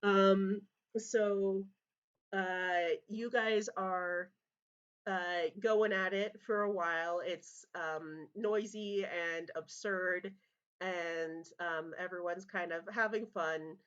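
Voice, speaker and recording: Slow umm-y woman running a tabletop game, muffled kinda audio. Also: on the low side, steady tone, smooth. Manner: hesitant, many ums and restarts. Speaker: game master. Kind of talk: narrating a tabletop role-play game. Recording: slightly dull lo-fi audio.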